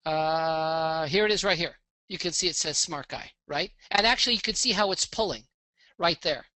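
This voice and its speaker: Male webinar presenter, upbeat sales pitch, forceful voice, dry close sound. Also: normal speed, no room sound. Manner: upbeat salesy walkthrough, frequent "okay?" check-ins. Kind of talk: live online business pitch with screen demo.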